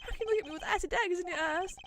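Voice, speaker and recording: A woman's voice: extremely high pitch, racing, noisy background, pitched above the performer's own voice. A woman voicing a posh, earnest young man from a video game who pleads to be believed. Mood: indignant.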